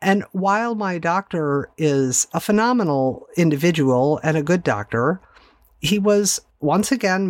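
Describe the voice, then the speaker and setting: A woman's voice: sits low, no room sound. A middle-aged woman hosting a podcast, candidly recounting a personal story in a conversational way with wry asides. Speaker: podcast host.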